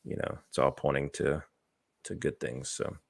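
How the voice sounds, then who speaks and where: Man, very deep voice, gravelly, casual podcast chat, hesitant fillers. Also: moderate pace. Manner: relaxed, hesitant, lots of fillers. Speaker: podcast co-host. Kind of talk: casual chat about movie trailers.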